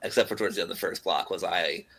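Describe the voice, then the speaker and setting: A man with a bright, forward tone tells a story in relaxed podcast chat. He circles back, restarts and fills gaps with "uh" and "um" as he goes. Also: low voice, very fast. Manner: rambling, lots of fillers and restarts. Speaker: guest performer.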